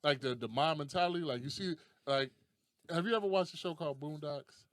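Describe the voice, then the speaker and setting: A young adult man hosting a casual podcast, telling stories in a profane, animated way and laughing often. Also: on the high side, a little fast, no echo, studio quality. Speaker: podcast host.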